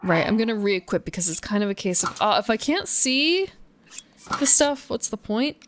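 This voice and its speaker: A woman with a fairly high, sing-song voice chats with her viewers at normal speed while streaming games from home. Between gameplay she muses and laughs frequently, and there's no room sound.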